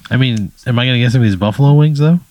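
A man's voice: mid-range voice, racing, darkish tone, no echo, lo-fi sound. A man chatting casually as a podcast guest, laid-back, with short replies and dry asides. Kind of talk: casual chat.

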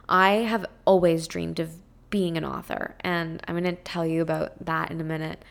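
A woman's voice: fairly low pitch, steady tone, unhurried, creaky. A woman hosting a podcast, talking on her own in an earnest, heartfelt way, chatty and full of spiritual self-help phrasing. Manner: chatty, with frequent "like" and "um". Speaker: podcast host. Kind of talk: casual podcast monologue.

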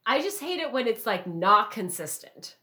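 A woman's voice: fairly high pitch, very animated, moderate pace, sharp tone. A woman in casual chat, agreeable and thoughtful, laughing easily.

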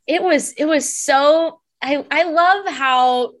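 A woman's voice: sits high, slow pace. A woman from Southern California, a psychic medium guest, talking about her readings in an effusive, enthusiastic way. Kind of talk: casual interview.

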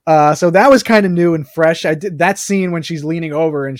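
A man co-hosting a podcast, chatting casually about a film in quick, animated bursts with plenty of fillers. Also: on the high side, no room sound, clean studio sound. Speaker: podcast co-host. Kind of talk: casual movie review chat.

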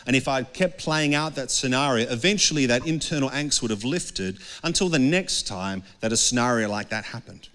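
A man's voice: mid-range voice, lively intonation, moderate pace, fairly bright tone. A man giving an earnest, conversational sermon as pastor, often acting out the voices of people he quotes. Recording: long hall reverb.

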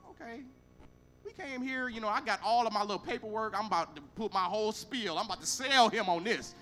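A pastor with a very high, bright, forceful voice tells a testimony from the pulpit. He is animated and emphatic, playing out every side of the conversation. Soft music plays faintly behind him. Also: a little fast. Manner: animated, acts out both sides of conversations, emphatic. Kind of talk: storytelling sermon.

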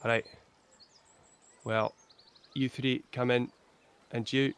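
A man's voice: medium pitch, little pitch movement, slow, a bit bright, smooth. A man voicing a stern, tightly controlled woman who runs a mine, speaking in a clipped, commanding way. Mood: curt.

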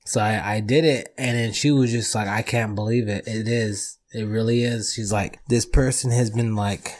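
A man's voice: lowish voice, fairly even intonation, normal speed, darkish tone. A young man co-hosting a casual podcast, telling stories in a laid-back way, swearing often and calling his friend bro and dude. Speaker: podcast co-host. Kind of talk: casual chat.

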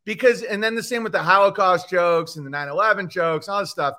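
A man, a comedian guest on a podcast, ranting in a profane, animated way and slipping into mocking voices. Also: high-pitched, a little fast. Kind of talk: animated podcast chat with comic bits.

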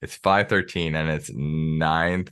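A man's voice: rumbling low, steady tone, slow pace, a bit bright, clean tone. An American man hosting a podcast, chatting casually in a rambling way with lots of filler words. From United States. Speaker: podcast host. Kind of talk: casual interview chat.

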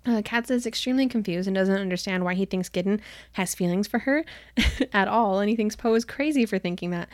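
A young woman co-hosting a podcast, chatty and quick as she retells a story, with lots of "like" and quoted lines. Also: medium pitch, no room sound, clean studio sound. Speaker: podcast co-host. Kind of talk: casual book recap chat.

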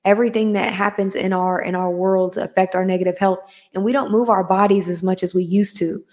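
An earnest woman hosts a live motivational podcast in a mid-range voice. She repeats her points for emphasis and pauses to greet viewers as they join. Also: medium pitch, fairly even intonation, darkish tone. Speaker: podcast host. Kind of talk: live-streamed motivational talk.

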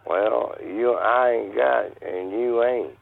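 A confused man on a phone call who speaks in a slurred, halting way. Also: mid-range voice, creaky, dry recording. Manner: confused, slurred, ain't got no. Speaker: seller on prank call. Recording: tinny phone line with faint hiss.

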